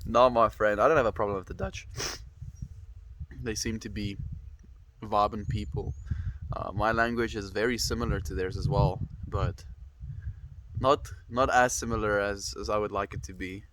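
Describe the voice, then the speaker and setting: A man's voice: on the low side, normal speed, fairly bright tone, slight background noise. A young man with a stuffy nose chatting casually on a livestream, rambling and reflective as he greets viewers.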